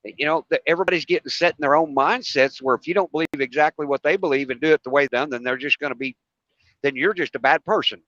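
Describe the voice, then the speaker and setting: A man's voice: on the high side, fast, fairly bright tone, no echo. Man on a dull, dry video call. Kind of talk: casual chat.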